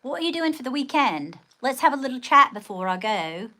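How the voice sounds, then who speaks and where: A woman's voice: high-pitched, very animated, fairly quick, bright, forceful tone. A woman hosting a casual livestream, chatting with viewers and thanking them, often calling them darling. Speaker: livestream host.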